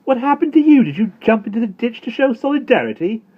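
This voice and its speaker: Stern exasperated mum, sharp and scolding, pitched well above the reader, a male narrator putting her on. Phone-like sound. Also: very animated, fast, heavily acted. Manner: sharp, scolding through clenched teeth. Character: stern exasperated mother of two boys.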